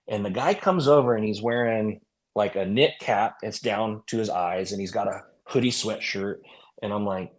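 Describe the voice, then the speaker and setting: A man's voice: lowish voice, moderate pace. A man, a former police officer, telling stories in a casual, rambling way with many fillers. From California. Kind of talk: storytelling in a podcast interview.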